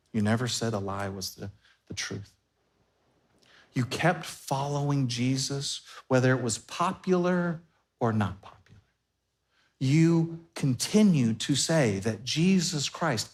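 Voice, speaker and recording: A man, the pastor, preaching a sermon to his congregation in a conversational way, slipping into everyday back-and-forth dialogue to make his points. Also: fairly high pitch. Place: church sanctuary before a congregation.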